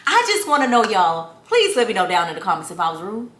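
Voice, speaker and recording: Talking fast in a medium-pitched voice, a young lifestyle vlogger chats casually and spins animated stories aimed straight at her viewers. The room is echoey.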